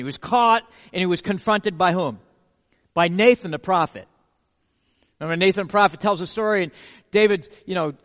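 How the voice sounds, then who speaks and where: High-voiced man preaching in a reverberant hall. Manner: animated storytelling with rhetorical questions. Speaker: pastor. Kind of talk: sermon.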